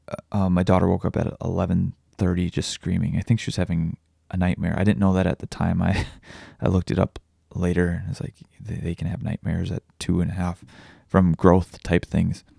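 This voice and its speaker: A young adult man talking candidly in a personal vlog, halting and confessional, swearing often. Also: deep voice, gravelly, dark tone, no room sound, studio quality. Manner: raw, halting, confessional, with frequent swearing and restarts. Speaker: vlogger and podcaster.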